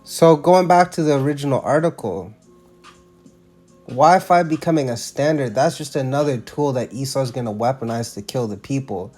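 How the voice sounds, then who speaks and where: A man's voice: mid-range voice, normal speed, darkish tone, faint music behind. A man giving casual religious commentary, emphatic and slangy, often restarting his sentences.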